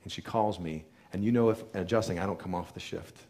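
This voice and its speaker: A middle-aged man with a somewhat low voice tells a patient's story to a seated audience. He speaks earnestly and with emphasis, letting his voice sink to a near hush before pressing back up. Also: fairly quick. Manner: earnest, emphatic storyteller with sudden quiet drops. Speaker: chiropractor giving a talk. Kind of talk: storytelling talk to a live audience.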